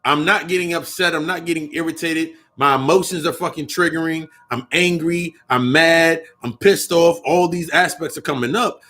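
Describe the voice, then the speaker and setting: Young male occult vlogger, slightly high-pitched, profane and rambling, casual monologue. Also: normal speed, few pauses, pushed and bright. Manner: profane, rambling, repeats and restarts phrases.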